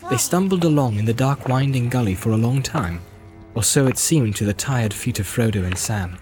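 A man reading a story aloud in an even, measured way. His voice sits in an ordinary middle register as he narrates the scene calmly. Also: mid-range voice, faint music behind. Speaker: audiobook narrator. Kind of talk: scripted narration.

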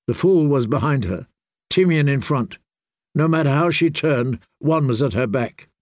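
A man narrating an audiobook in a measured, deliberate storytelling manner. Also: medium pitch, expressive, no room sound, studio quality.

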